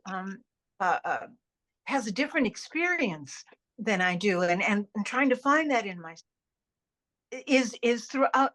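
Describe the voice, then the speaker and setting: Older woman, rambling animated talk. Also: fairly high pitch. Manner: rambling and animated, with many restarts and repeated words. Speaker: actress and interview guest. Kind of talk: casual interview chat.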